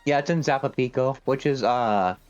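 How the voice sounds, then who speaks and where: A man playing along with a friend's stream, making relaxed, matter-of-fact remarks over voice chat. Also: medium pitch, normal speed, smooth, dull audio, soft background music. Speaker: co-player friend. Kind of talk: casual gaming chat.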